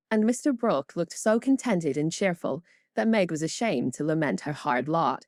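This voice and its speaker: Female audiobook narrator, low, measured, dry close sound. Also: expressive, darkish tone, no echo. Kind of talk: scripted narration.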